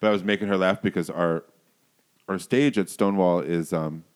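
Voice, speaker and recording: A man, a DJ guest, chatting casually and telling rambling, animated stories. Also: deep voice, normal speed, clear, resonant tone. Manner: rambling, trails off, animated storytelling. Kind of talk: casual chat.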